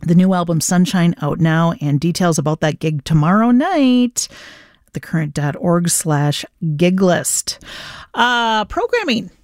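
A woman's voice: fairly low pitch, expressive, measured pace, darkish tone, no room sound, studio quality. A woman radio DJ in casual on-air talk, chatty and upbeat, telling stories about bands between songs. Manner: chatty, upbeat, storytelling with fillers. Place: radio studio.

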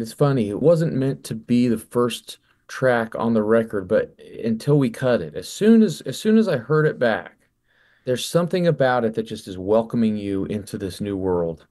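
Musician guest, male, forties, lowish voice, thoughtful and halting, on-air interview. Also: a little mellow. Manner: reflective, stumbles and repeats words. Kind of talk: relaxed radio interview talk.

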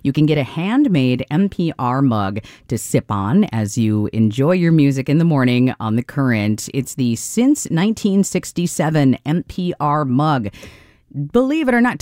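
A woman's voice: deep voice, big pitch swings, moderate pace, warm tone, dry recording, studio quality. A woman from central Minnesota with a Midwestern accent, hosting a morning radio pledge drive with enthusiastic, rambling talk. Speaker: radio host.

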